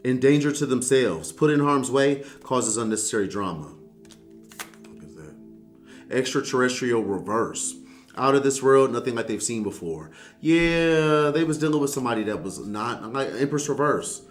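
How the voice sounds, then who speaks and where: A man gives a casual tarot reading at an everyday mid-range pitch, talking straight to the viewer. He is sassy and blunt and swears freely. Faint music plays underneath. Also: expressive, moderate pace. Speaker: tarot reader.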